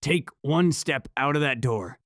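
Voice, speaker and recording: An ancient thing speaking through a sleeping woman, as a male narrator puts her on, slow and sweetly coaxing with a calm, certain menace underneath. The voice is raised well above his own and comes out louder, in a dry, close recording. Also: no room sound, close to an everyday voice. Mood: menacing. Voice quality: wrong-sounding, too deep, calm and certain.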